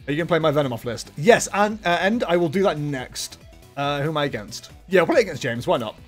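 Chatty man streaming with lively pitch. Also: fast talker. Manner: chatty, self-mocking, laughs often. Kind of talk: casual live-stream commentary. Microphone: desk microphone, webcam. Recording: music playing faintly behind.

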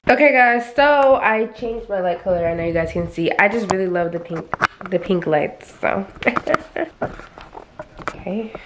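A woman's voice: mid-range voice, a little hiss or hum. A woman chatting casually to camera in her vlog as she gets ready at home, talking to herself along the way. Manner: chatty, talks to herself while getting ready. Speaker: vlogger. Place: at home indoors.

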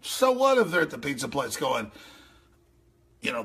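Gravelly ranting male radio host. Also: medium pitch, moderate pace, long pauses, slight background noise. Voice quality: gravelly, raspy. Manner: excitable, yelling, mocking impressions. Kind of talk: ranting commentary over clips.

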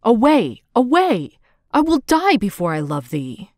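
A woman's voice: mid-range voice, sing-song, unhurried, no echo, clean studio sound. A woman voicing a proud young man, lovesick and pleading in old-fashioned formal speech. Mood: crying out.

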